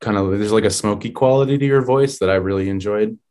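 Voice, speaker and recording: A man interviewing a musician, asking relaxed questions and giving short affirmations as he listens. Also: on the low side, fast.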